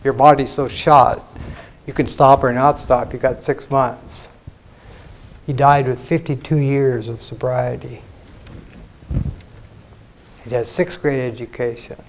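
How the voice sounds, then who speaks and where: Older American male teacher, plainspoken spiritual lecture, mid-pitched voice, blunt asides. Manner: frank, conversational, salty asides and mock quotes. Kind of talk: informal spiritual talk to an audience. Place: lecture hall.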